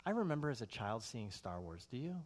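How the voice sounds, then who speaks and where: A middle-aged man preaching a sermon in a conversational, animated way, full of rhetorical questions. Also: medium pitch, fairly quick. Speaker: pastor.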